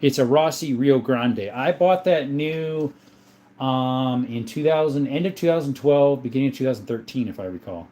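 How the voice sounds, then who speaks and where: A man's voice: mid-range voice, moderate pace, mellow. A man from Southern Arizona hosting a casual livestream, reading viewer comments aloud and answering them one by one. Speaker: livestream host.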